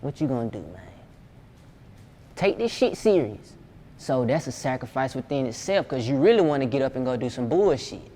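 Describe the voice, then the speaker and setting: A man's voice: mid-range voice, expressive, fairly quick, dark tone, slight background noise. A young man from Georgia, a music producer talking casually and profanely in an interview. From Georgia, USA. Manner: laid-back, slangy, profane.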